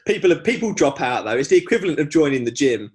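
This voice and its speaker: A man co-hosting a comedy podcast from home on a video call, ribbing his friend in a playful, jokey way. His pitch sits a little high and bounces around a lot. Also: very animated, fast talker, darkish tone. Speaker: podcast co-host. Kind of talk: casual comedic chat.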